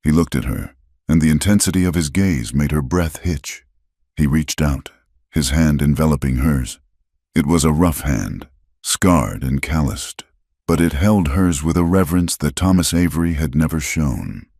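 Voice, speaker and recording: A man narrating a western romance story in a measured, dramatic storytelling style. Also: extremely low pitch, dark tone, dry recording, studio quality. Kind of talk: scripted narration.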